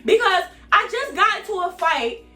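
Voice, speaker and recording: A young woman telling a personal story to her viewers in a casual, animated, profane way, often calling them y'all. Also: extremely high pitch, normal speed, soft background music. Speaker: vlogger. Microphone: camera mic. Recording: roomy echo, distant from mic.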